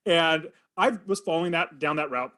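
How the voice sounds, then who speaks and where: A man in his forties, a real estate investor, telling a personal story in an earnest, animated way as a podcast guest. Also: on the high side, moderate pace. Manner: earnest, animated storytelling with quoted inner thoughts. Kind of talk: storytelling in an interview.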